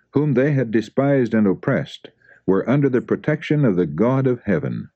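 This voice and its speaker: A man giving a solemn, measured reading of a religious book as audiobook narration. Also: medium pitch, mellow, no room sound, highs cut off. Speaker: audiobook reader.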